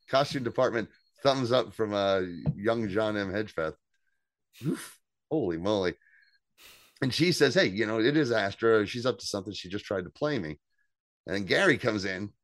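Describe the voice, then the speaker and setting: A man with a lowish voice recaps a TV episode on a casual podcast, telling it with lively, animated energy. He acts out the characters' lines and swears freely. The sound is dry and close, with no room around it. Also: no room sound. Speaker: podcast co-host.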